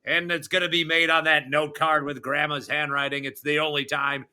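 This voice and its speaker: A man hosting a casual podcast, brash and profane, counting down a list with slow mock-announcer emphasis. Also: fairly high pitch, little pitch movement, bright, forceful tone, clear, resonant tone. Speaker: podcast host.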